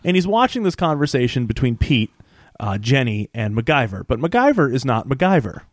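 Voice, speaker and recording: Podcast co-host, male, mid-pitched, dry close sound, animated recapper who quotes characters. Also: fairly quick, no echo. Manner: animated retelling, quoting characters. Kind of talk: casual recap chat.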